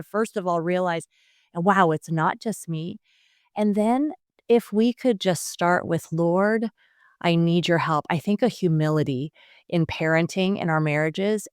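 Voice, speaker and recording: A woman's voice: on the low side, clean tone, no room sound, clean studio sound. A woman, a guest author and speaker, talking earnestly about faith and parenting in an interview, often laughing as she makes a point. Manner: earnest, animated storytelling with laughs.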